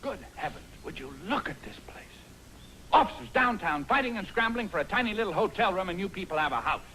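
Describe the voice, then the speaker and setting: An actor playing a fretful army major in a 1950s film comedy, exasperated and easily rattled. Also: male voice, high voice, lively intonation, quick pace, bright, forceful tone, a little hiss or hum, heavily acted, low-quality recording.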